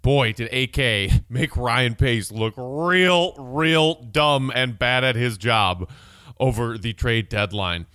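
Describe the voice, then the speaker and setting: Excitable man on a sports podcast. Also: medium pitch, slow, smooth, dry recording. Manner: casual and chatty, excitable, reads listener texts aloud. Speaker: podcast host. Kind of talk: solo sports podcast chat.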